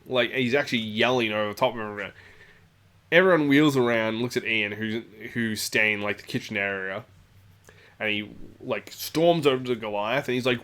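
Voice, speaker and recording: A man's voice: medium pitch, normal speed, a bit bright. A man telling a casual anecdote about his gaming club, rambling with many fillers and asides. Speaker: storyteller, tabletop channel host.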